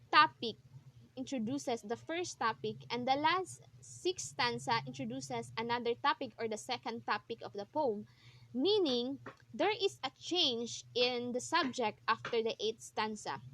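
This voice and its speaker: A woman's voice: high voice, fairly bright tone. A young adult woman presenting a student report on a poem, explaining carefully and correcting herself as she goes. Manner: slow, careful explaining with frequent restarts and self-corrections. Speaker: student presenting a poetry analysis. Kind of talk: recorded class report.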